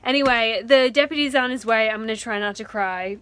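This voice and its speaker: A woman's voice: high-pitched, normal speed, fairly bright tone. A young woman vlogging outdoors at night beside a beach, frazzled and emotional, swearing and laughing nervously. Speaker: van life vlogger. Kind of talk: casual vlog.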